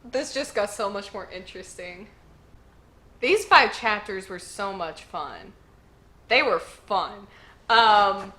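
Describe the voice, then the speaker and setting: A woman hosting a casual manga read-along, chatty and excitable, reacting to each chapter. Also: on the high side. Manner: chatty and excitable, lots of "like" and "y'all".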